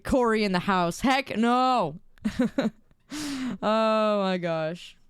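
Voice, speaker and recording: A woman's voice: medium pitch, very slow, smooth, dry recording, clean studio sound. A young woman streamer in casual chat, reading viewer messages aloud and giggling often.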